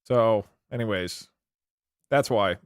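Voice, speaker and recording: A man's voice: lowish voice, slow, smooth, no echo, studio quality. A young man hosting a stream, chatting casually and rambling through wry asides to his chat. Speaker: streamer host.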